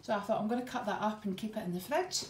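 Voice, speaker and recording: Speaking fast in a mid-range voice, a middle-aged vlogger runs through her groceries in a relaxed, homely chat peppered with ums. She's slightly breathless. Faint noise and echo fill the room.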